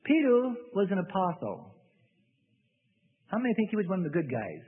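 A man preaching a sermon in an animated way, acting out the voices of people praying. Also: sits high, normal speed, husky. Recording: phone-like sound in a reverberant hall.

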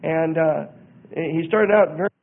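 A man with a fairly high voice delivers an earnest radio teaching, reading passages aloud and then picking them apart. The sound is narrow and tinny, like it came through a phone line. He talks in a steady preaching style. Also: a little slow, creaky. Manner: earnest, reads out and comments, acts out quoted voices.

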